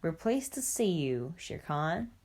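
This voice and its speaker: A woman's voice: sits low, very animated, takes it slowly, darkish tone, voice pushed down, exaggerated voice. Father Wolf, a woman voicing a stern wolf dad. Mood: firm. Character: proud, protective male father wolf. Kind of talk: storybook reading.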